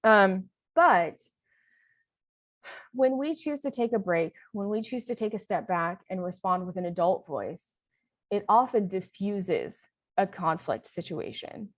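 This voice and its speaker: A woman's voice: medium pitch, animated, measured pace, no room sound. A woman leading a training session in a conversational lecture style, often checking in with "right?".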